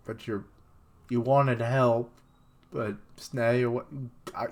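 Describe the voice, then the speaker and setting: A man's voice: medium pitch, fairly even intonation, slow. A young man on a live stream reacting casually to a comic chapter, reading dialogue aloud and swearing now and then.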